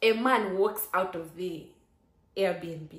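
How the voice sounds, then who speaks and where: A young woman vlogger telling a personal story in a chatty, lively way, with lots of "like" fillers and sudden exclamations. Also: lowish voice, takes it slowly. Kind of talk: casual storytelling. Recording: roomy echo.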